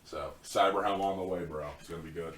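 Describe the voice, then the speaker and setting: A man's voice: deep voice, steady tone, fast talker, distant mic, slight background noise. A man co-hosting a podcast in casual chat, laid-back and slangy, swearing often. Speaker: podcast co-host.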